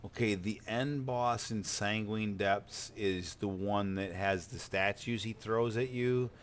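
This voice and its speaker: A man's voice: on the low side, slow pace, slight background noise. An American man streaming a game, chatting casually, rambling with repeated words and cursing freely. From United States. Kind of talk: casual gaming chat.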